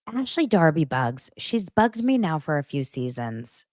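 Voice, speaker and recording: Animated woman host with a sarcastic edge. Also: deep voice, unhurried, dry recording, studio quality. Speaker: podcast host. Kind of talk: casual reality-TV gossip recap.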